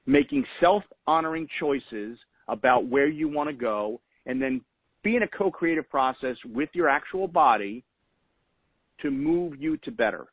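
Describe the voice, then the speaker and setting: A man's voice: on the high side, big pitch swings, unhurried, no echo, poor audio. A man hosting a weekly call, giving motivational coaching in an earnest way and repeating key phrases for emphasis. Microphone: phone call.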